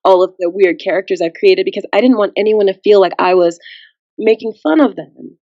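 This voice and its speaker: A woman's voice: medium pitch, fairly quick, no room sound, lo-fi sound. A woman guest on a podcast, chatting casually and acting out the people in her story. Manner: animated storyteller who acts out quotes.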